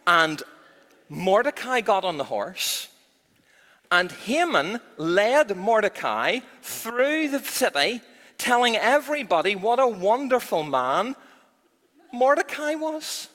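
Bright, animated man leading a children's Bible talk in an echoey church hall. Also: high-pitched, slow. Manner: animated, expressive storytelling.

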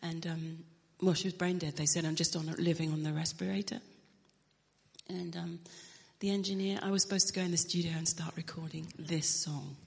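Gravelly-voiced woman telling a faith story. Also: low voice, fairly even intonation, moderate pace, darkish tone, in a large hall. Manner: earnest, drops to a whisper at emotional moments. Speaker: Christian singer. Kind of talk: telling a personal story in an interview.

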